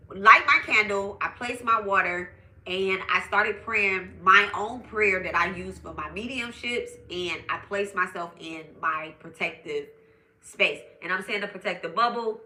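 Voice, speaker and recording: A woman's voice: mid-range voice, reverberant, low-quality recording. A young woman, a spiritual medium, chatting to her viewers as she tells a personal story. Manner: chatty, animated, addresses viewers directly.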